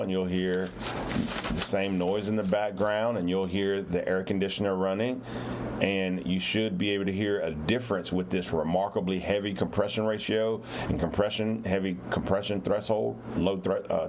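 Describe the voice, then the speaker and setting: Deep-voiced man teaching a live audio lesson. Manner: patient, repetitive, encouraging. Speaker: instructor. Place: indoor room with air conditioning. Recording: raw mic with air conditioner hum.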